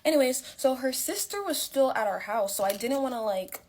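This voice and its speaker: A woman's voice: sits high, animated, fairly quick, darkish tone, a little hiss or hum. A young woman telling a story casually, chatty with lots of fillers and dramatic swings in her voice.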